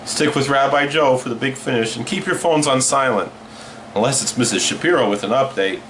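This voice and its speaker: A man's voice: medium pitch, a little fast, a bit bright, slight background noise. A man hosting a late-night horror movie show, delivering hammy comic patter sprinkled with Yiddish words.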